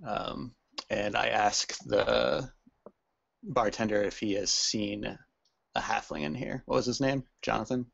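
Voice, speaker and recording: A man's voice: on the low side, a little slow, vocal fry, a bit bright, breathy edge, highs cut off. A man playing a tabletop game, easygoing and in character. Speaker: player.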